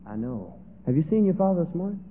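A man voicing an aging, devoted mother who pleads in a high, tearful voice. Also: sing-song, fast talker. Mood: tender. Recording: tinny, phone-like echoey hall.

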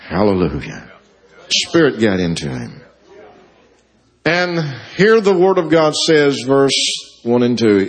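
A man preaching a sermon with a husky, slightly rough voice. His pitch is very lively, climbing high at the peaks and dropping low again. He draws out key phrases as he builds toward emotional climaxes. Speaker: pastor.

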